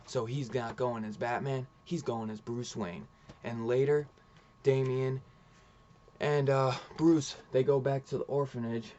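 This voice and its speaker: A man's voice: mid-range voice, steady tone, a little slow, darkish tone, lo-fi sound. A man casually reviewing a comic book, rambling through the story and retelling it with lots of "he's like" quotes.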